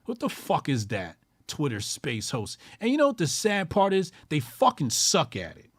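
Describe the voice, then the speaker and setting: A fairly high-voiced man rants on his call-in show with mockery and constant swearing. He hammers his points home by repeating lines. The sound is close and dry, with no room around it. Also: huge pitch swings, normal speed, slightly rough, dry recording. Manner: loud, profane, mocking, repeats lines for emphasis. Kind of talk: profane ranting commentary.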